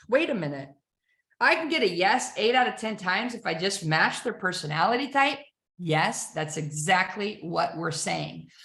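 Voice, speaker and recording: A woman sales trainer presents with bright, emphatic energy and keeps throwing rhetorical questions at her listeners. Her voice rings out in an echoey room. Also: medium pitch, gravelly.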